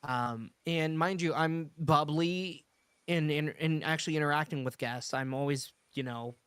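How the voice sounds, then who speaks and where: A man's voice: fairly high pitch, measured pace, fairly bright tone, clear, resonant tone, no echo. A man chatting casually on a podcast, rambling through a work story with many restarts. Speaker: podcast host. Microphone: streaming studio mic.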